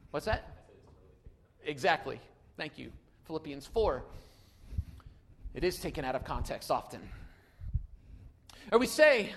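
A man preaching a sermon without notes, moving between quiet asides and loud emphatic calls. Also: very high voice. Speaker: pastor.

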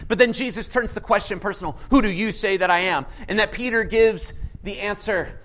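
A man with a high-pitched voice delivers a sermon with lively energy. He keeps asking his listeners questions and reads scripture aloud with dramatic emphasis. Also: fairly quick, poor audio. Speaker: pastor.

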